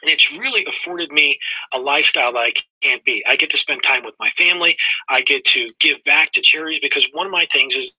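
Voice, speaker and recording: A middle-aged man tells a personal story in a folksy webinar talk and keeps addressing his listeners directly. His voice sits a bit high and sounds husky. The audio is muffled and lo-fi. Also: fast talker, dry recording. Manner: folksy, talks straight to "folks". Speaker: webinar presenter.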